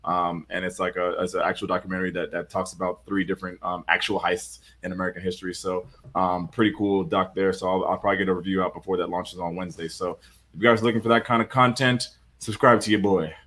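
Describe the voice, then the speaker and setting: A man co-hosting a casual live stream panel as a film reviewer, animated, swearing freely and joking about himself. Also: deep voice, fast. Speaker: co-host and reviewer.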